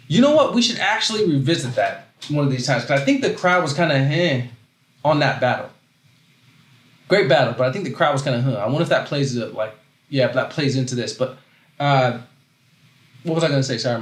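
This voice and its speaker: Rambling man talking into a roomy mic. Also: medium pitch. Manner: rambling, self-interrupting, animated, reads chat aloud. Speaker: host. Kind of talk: casual livestream commentary.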